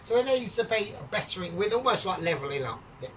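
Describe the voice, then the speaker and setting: A man with a put-on Scottish accent hosting a casual home cooking vlog, jokey and boastful with loud bursts. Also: high-pitched, big pitch swings, fast talker, background noise. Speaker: cooking channel host. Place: home kitchen. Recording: distant mic, music behind.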